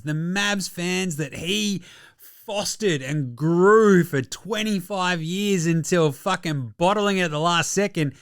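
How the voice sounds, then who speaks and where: Australian man, animated, slightly high voice, profane jokey delivery, dry recording. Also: smooth, no echo. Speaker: host. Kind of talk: casual sports commentary.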